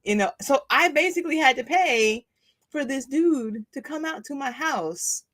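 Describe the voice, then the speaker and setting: Middle-aged woman, spiritual coach, rambling livestream storytelling, animated, lots of fillers. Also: sits high, normal speed.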